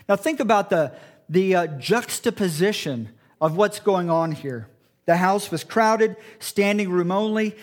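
High-voiced man preaching a sermon. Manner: earnest, acts out quoted voices in a low muttering tone. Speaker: pastor.

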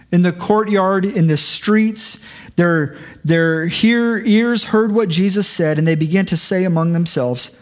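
A man preaching with a light, high-pitched voice. He delivers the sermon slowly and reflectively, repeating key phrases for weight, and ends in a quiet prayer. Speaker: pastor.

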